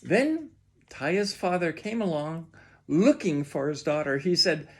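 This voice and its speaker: A man reading a children's storybook aloud with expressive, drawn-out delivery. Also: fairly high pitch, slightly rough.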